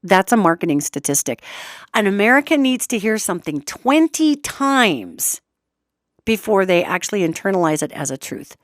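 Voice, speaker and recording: Lively chatty woman podcast host. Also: mid-range voice, moderate pace, no room sound, clean studio sound. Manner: animated, chatty, repeats points, swears casually. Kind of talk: talk show monologue.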